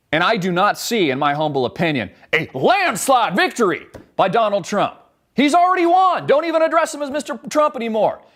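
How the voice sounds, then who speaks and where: On his live commentary show, a fired-up host rants bluntly and swears freely. His voice sits high and leaps all over the place.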